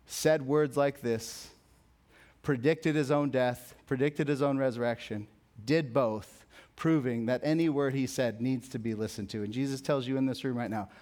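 A young man preaching a sermon as a pastor, conversational and jokey, telling stories, then dropping soft for emphasis. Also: medium pitch, steady tone, normal speed. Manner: conversational, jokey storytelling with sudden soft drops.

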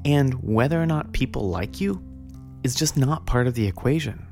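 A man's voice: mid-range voice, lively intonation, normal speed, darkish tone, faint music behind. A man giving a Christian teaching talk, casual and earnest, with many fillers as he tells desert stories. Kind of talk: spiritual teaching talk with storytelling.

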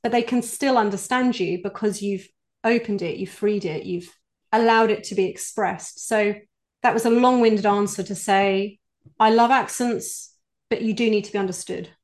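Speaking at a normal speed in a mid-range voice, a woman from the United Kingdom answers an interviewer's questions. She's an executive voice coach on as a guest, earnest and explanatory in her replies.

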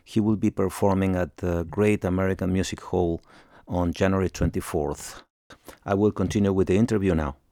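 A male radio host with a low, gravelly voice that catches on the fillers as he feels his way through each question. The sound is dry and close to the mic, with no room around it. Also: fairly even intonation, mellow, no room sound. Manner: hesitant, halting questions with many fillers. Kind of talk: radio interview.

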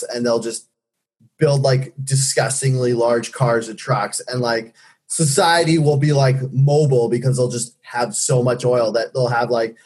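A man's voice: medium pitch, darkish tone, breathy edge. A man co-hosting a casual podcast chat, rambling and sarcastic, swearing freely. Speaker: podcast co-host.

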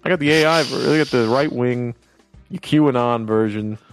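A man's voice: medium pitch, moderate pace, soft background music. A man co-hosting a podcast, telling crude, joking stories in casual chat. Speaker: podcast co-host. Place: podcast studio.

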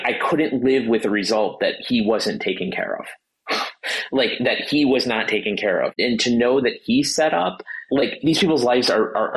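A trial attorney speaking as a guest, his low voice a little husky. He talks in an emotional, halting way and stumbles through restarts and fillers. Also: poor audio. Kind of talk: casual interview talk.

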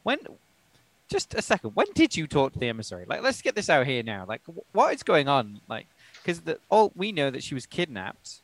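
A man playing a tabletop game, asking pointed questions in a casual, animated way. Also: fairly high pitch, fairly quick, no room sound. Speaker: player.

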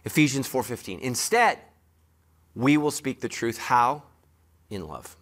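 Bright-voiced joking male preacher. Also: mid-range voice, a little slow. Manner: emphatic, joking preacher who talks straight to the congregation. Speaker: pastor. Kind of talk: sermon.

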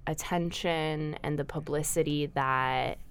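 A young woman co-hosting a casual gossip podcast in a campus studio, teasing and quick to laugh. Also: low voice, clear, resonant tone, no room sound. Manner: animated, teasing, laughs often. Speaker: podcast co-host.

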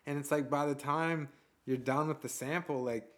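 A man hosting a relaxed conversation, speaking loosely with lots of "dude" and "like.". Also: on the high side, normal speed. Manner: laid-back slang with many fillers like "dude" and "like". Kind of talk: casual conversation.

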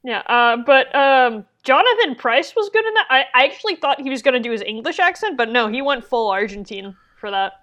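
A woman's voice: high voice, expressive, brisk, few pauses, a bit bright. A woman co-hosting a podcast, sharing eager opinions in casual chat. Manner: chatty, enthusiastic opinions. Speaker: podcast co-host.

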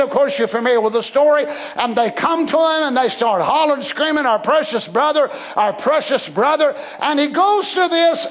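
Man, preacher, very high voice, fervent sermon, shouts for emphasis.

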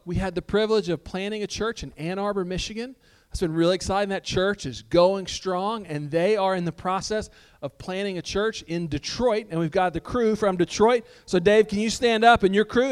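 High-voiced, smooth-toned pastor. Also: male voice. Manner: relaxed, self-deprecating storytelling with humor. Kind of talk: conversational sermon. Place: church sanctuary before a congregation.

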